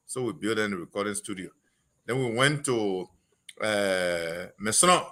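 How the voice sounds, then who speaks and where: A man's voice: lowish voice, unhurried, pushed and bright. A man with a Liberian English accent, a politician guest telling stories on a radio talk show, quoting constituents.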